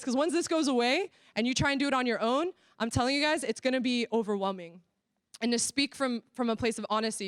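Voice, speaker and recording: An earnest woman speaks candidly at a church workshop, leaning on casual fillers as she goes. Her voice sits a little high and comes through smooth and clear. The sound is dry and close. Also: fairly bright tone, no room sound. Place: church venue.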